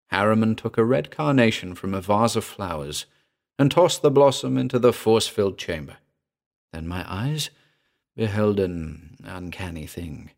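Low-voiced man narrating a weird tale. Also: gravelly. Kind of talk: first-person story narration.

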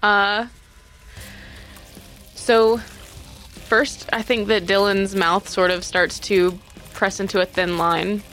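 A woman's voice: mid-range voice, little pitch movement, takes it slowly, long pauses, a bit bright, soft background music. A woman playing a tabletop game, describing her character's transformation thoughtfully and vividly. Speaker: player.

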